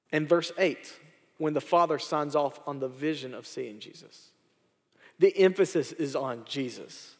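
A male pastor preaching a sermon, building emphasis through repetition and closing in quiet prayer. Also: a little high. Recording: long hall reverb.

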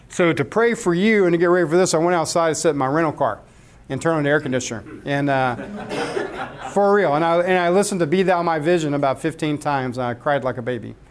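A man in his forties giving a candid, personal conversational sermon and asking his listeners questions. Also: medium pitch. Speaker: speaker leading a church group.

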